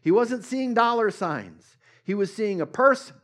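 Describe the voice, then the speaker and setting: Male pastor, high-pitched, emphatic repetitive sermon delivery. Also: animated, a little slow. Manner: repetitive, emphatic phrasing with sudden swings between loud and hushed. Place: church service.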